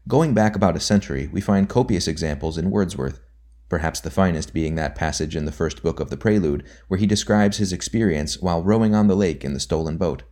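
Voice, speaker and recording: Very deep-voiced male audiobook reader. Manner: measured, deliberate reading that drops softly on quote markers. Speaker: audiobook narrator. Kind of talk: scripted reading of a nonfiction book.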